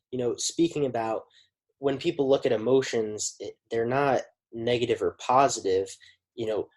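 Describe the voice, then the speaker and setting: A man's voice: medium pitch, a little mellow. A man hosting a podcast, agreeable, with frequent "you know". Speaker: podcast host. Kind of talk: conversational interview.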